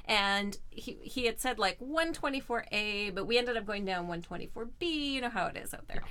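Animated woman telling a story. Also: on the high side, normal speed. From Canada. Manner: animated, laughing, acts out voices in her story. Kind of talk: casual storytelling.

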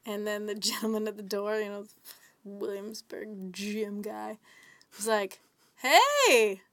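A woman's voice: mid-range voice, completely flat delivery, a little slow, no echo. A woman chatting casually as a podcast guest, laughing often and telling stories with animation. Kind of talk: casual chat.

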